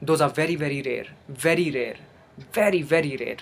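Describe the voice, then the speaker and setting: A man's voice: on the high side, normal speed, creaky. A young man giving an earnest motivational talk, repeating phrases for emphasis. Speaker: motivational speaker. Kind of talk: motivational monologue.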